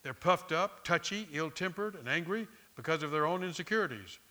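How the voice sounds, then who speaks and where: A middle-aged pastor, preaching in a conversational, storytelling way and often repeating words. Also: male voice, a little high, expressive, fairly quick, pushed and bright. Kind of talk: sermon.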